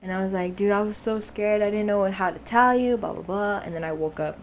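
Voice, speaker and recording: A woman's voice: medium pitch, a little fast, a little hiss or hum. A young woman co-hosting a podcast, telling a dream story in casual chat and acting out the voices of the people in it. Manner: animated storyteller, acts out voices, laughs often. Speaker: podcast co-host.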